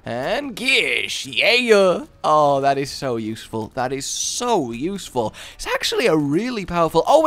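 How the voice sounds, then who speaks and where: A man's voice: on the high side, a bit bright. A man hosting a gaming channel, giving rambling, jokey let's-play commentary full of asides.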